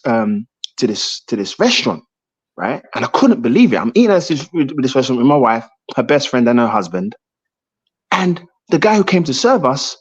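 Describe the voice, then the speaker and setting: A man's voice: sits high, husky, highs cut off. A man from the United Kingdom in a heated casual debate, often repeating himself and checking in with "right?".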